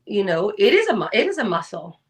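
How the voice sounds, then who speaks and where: A woman co-hosting a podcast, chatting casually and telling lively stories, acting out the people she quotes. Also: mid-range voice, quick pace, recorded from a distance. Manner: animated storyteller, acts out quoted voices. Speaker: podcast co-host. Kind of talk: casual chat.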